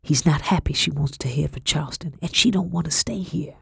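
A woman voicing a plainspoken, worldly colonial servant woman who talks in low, folksy tones. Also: brisk, vocal fry, a bit bright, husky, dry recording, clean studio sound, exaggerated voice. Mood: hushed.

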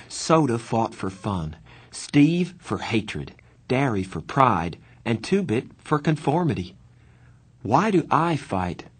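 A man reading a novel aloud as the first-person narrator, in plain, steady storytelling. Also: medium pitch, slightly rough. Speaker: audiobook narrator.

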